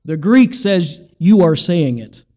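A man's voice: on the high side, sing-song, slow, mellow, big-room sound. A man preaching a sermon, teaching and asking rhetorical questions, acting out the voices he quotes.

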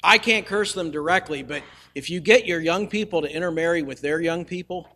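A preacher voicing a scheming hired prophet. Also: male voice, on the high side, brisk, pushed and bright. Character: scheming male prophet for hire.

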